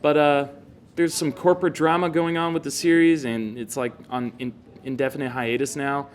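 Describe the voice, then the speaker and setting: A man's voice: fairly high pitch, level tone, moderate pace. A man co-hosting, eagerly explaining a video game in casual chat. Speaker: co-host.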